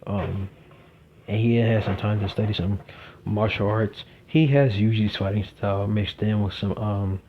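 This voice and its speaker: A man's voice: fairly low pitch, steady tone, a little slow, slight background noise. A young man telling a fan-fiction story casually, rambling with lots of fillers, in a dull lo-fi recording.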